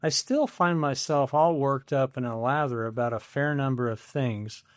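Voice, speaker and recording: A man's voice: medium pitch, moderate pace, dry recording, clean studio sound. A man in his seventies hosting a solo podcast, telling a family story in a wry, self-deprecating scripted style. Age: 70s.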